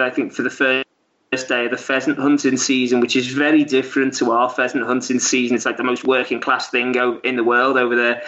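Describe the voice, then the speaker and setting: A man's voice: medium pitch, bright, forceful tone. A man, a guest, telling a story in a casual, rambling way with lots of fillers and restarts. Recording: dull lo-fi audio.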